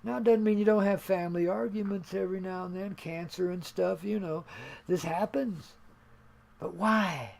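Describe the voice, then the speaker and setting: A high-pitched, gravelly older man hosts a homespun radio show. He rambles in a laid-back, folksy drawl and laughs easily at his own jokes. At times he drifts a bit away from the mic. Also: fairly even intonation, normal speed, a little mellow, a little hiss or hum. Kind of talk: rambling spiritual monologue.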